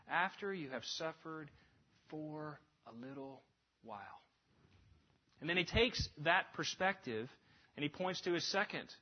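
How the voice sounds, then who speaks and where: A man preaching a sermon, earnest and emphatic, swinging between lifted passages and hushed drops. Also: medium pitch. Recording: dull lo-fi recording.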